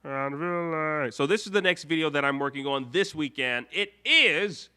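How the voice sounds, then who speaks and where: A man's voice: medium pitch, moderate pace, few pauses, pushed and bright. A man hosting a casual live stream, chatty and rambling, full of fillers. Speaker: YouTube host.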